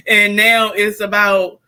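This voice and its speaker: A woman's voice: mid-range voice, sharp tone, rough recording. A woman hosting a casual live stream, talking straight to her viewers and to her pet. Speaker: tarot reader and live stream host. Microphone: computer or phone mic during a live stream.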